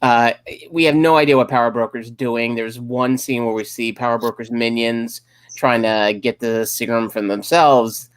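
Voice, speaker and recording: A man's voice: mid-range voice, steady tone, moderate pace, clear, resonant tone, no room sound. Blunt guy on a movie podcast, couldnt care less tone, dry close mic. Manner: blunt, dismissive, swears. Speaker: podcast co-host. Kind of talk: casual movie discussion.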